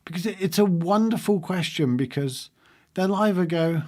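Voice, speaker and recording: Guy chatting on a livestream, musing out loud, lots of little laughs. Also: high-pitched, moderate pace. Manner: rambling, reflective, laughs often. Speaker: livestream host. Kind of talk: casual livestream talk to viewers.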